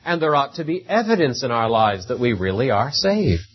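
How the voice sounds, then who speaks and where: A man's voice: medium pitch, sing-song, moderate pace, highs cut off. A man preaching a sermon in a conversational way, often tagging rhetorical questions onto his points.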